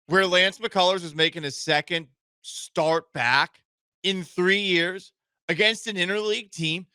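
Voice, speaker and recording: A male sports radio host ranting with sarcasm and indignation, jumping between loud outbursts and quiet muttered asides. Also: fairly high pitch, lively intonation, unhurried, dry recording. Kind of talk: sports talk radio rant.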